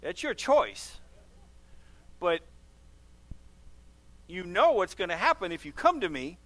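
A man's voice: sits high, huge pitch swings, slow pace, fairly bright tone. A man who is a pastor, preaching emphatically and leading a closing prayer, repeating phrases for stress.

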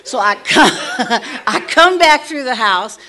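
A woman casually telling a personal story, animated, dropping to hushed asides and rising to loud emphasis. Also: sits high, slow pace. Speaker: storyteller sharing a personal testimony.

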